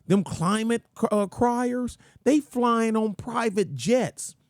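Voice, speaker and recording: Slow, rambling man with a dry voice. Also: very high voice, no room sound. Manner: folksy, rambling, slangy. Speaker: channel host. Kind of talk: casual rant commentary.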